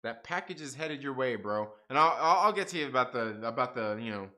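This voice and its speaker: A man's voice: medium pitch, lively intonation, brisk, sharp tone. A young man hosting a live comics stream, chatting casually, reading the chat aloud, swearing and laughing often.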